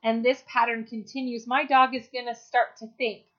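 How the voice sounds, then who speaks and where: A woman's voice: on the high side, flat delivery, moderate pace. A woman dog trainer giving a practical, chatty lesson, with the odd "um" and "you know". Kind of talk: instructional talk. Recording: dull lo-fi recording.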